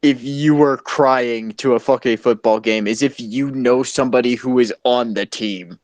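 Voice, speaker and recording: A man in casual podcast banter who rambles through profane anecdotes. His voice sits at an ordinary middle pitch, and it is recorded close and dry with no room sound. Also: fairly even intonation, normal speed, darkish tone, no echo. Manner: profane, rambling storyteller who acts out other people's voices. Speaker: podcast co-host. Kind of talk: casual stoner comedy chat.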